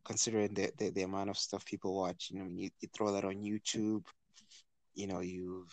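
A man co-hosting a casual podcast chat, stammering through many restarts as he gets excited. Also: deep voice, brisk, no echo. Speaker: podcast co-host.

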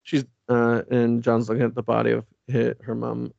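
A man's voice: mid-range voice, monotone, moderate pace, gravelly, few pauses, darkish tone, dry recording, lo-fi sound. A man co-hosting a comics podcast, reading the story aloud in casual chat and acting out the characters' lines with playful voices. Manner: reads comic dialogue with playful voices, laughs often. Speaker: podcast co-host.

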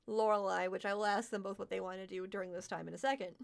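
A woman's voice: medium pitch, steady tone, fast, vocal fry. A woman running a tabletop game as game master, playful and often laughing as she narrates.

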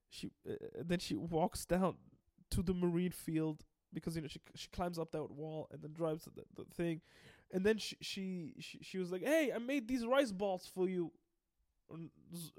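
A young man recaps a story casually, rambling with many restarts and laughing often. His voice sits fairly high for a man. The sound is dry and close. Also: moderate pace, a little mellow, no room sound. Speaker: video host.

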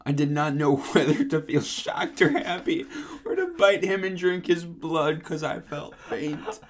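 A young man co-hosting a podcast, reading fan fiction aloud in a deadpan way. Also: a little high, a little slow, slight background noise. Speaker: podcast co-host.

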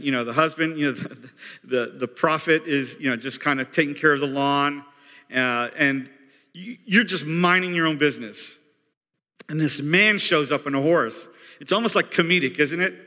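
A man preaching a sermon as pastor, in a conversational, animated storytelling way. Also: a little high. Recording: long hall reverb.

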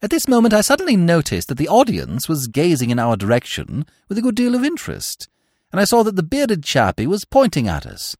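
A man narrating a comic classic novel with wry, expressive storytelling. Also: fairly high pitch, a little fast, no echo, studio quality.

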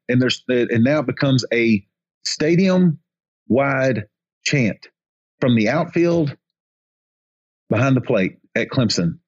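A man's voice: mid-range voice, expressive, unhurried, long pauses. A man in the middle of his range spins a long umpiring story on a podcast, circling back and restarting his sentences. He acts out chants and quoted lines as he goes. The audio sounds a little muffled and lo-fi. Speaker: baseball umpire.

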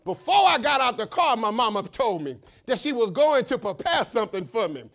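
A man voicing a cheerful little schoolboy who explains loudly and brightly why he is happy. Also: very high-pitched, very animated, brisk, voice pushed up, full character voice. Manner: loud and upbeat. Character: cheerful schoolboy, content and hopeful.

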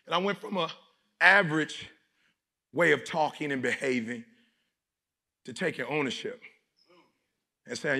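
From Detroit, USA, a motivational speaker addresses a live audience in a conference hall, preaching in emphatic, repetitive bursts and leading call-and-response. His voice is on the high side and fairly quick, with vocal fry and a bright, forceful tone.

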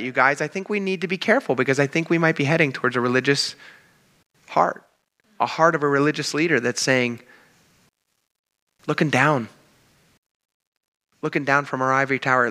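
A pastor preaching a sermon in a casual, conversational way that addresses the congregation directly. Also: male voice, fairly high pitch, normal speed, pauses often, bright, forceful tone. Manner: conversational, addresses the crowd as "you guys".

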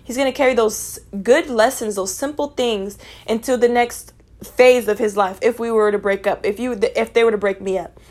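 A young woman with a fairly high voice delivers a heated personal rant straight to her viewers. She is blunt and profane, and she talks to her audience as "y'all" with open exasperation. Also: steady tone, normal speed, darkish tone. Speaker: vlogger. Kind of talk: angry personal rant to camera.

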